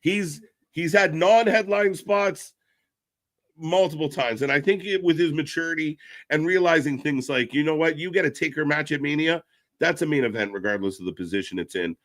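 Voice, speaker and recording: A man giving casual live commentary, reacting excitedly and chatting to viewers. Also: moderate pace. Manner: excitable, pitch jumps when reacting, chatty asides to viewers.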